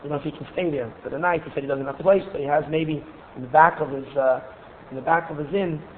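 A man giving a religious lesson full of stories, pausing and repeating words as he searches for his phrasing. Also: fairly high pitch, steady tone. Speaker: religious teacher. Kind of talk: Torah lesson with storytelling. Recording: tinny phone-like recording, faint hiss.

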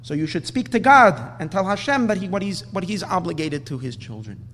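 A man's voice: sits high, animated, fairly quick, a bit bright, big-room sound, a little hiss or hum, pitched above the performer's own voice. A man quoting an indignant old holy sage. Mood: indignant pleading. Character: indignant old male holy sage defending simple villagers.

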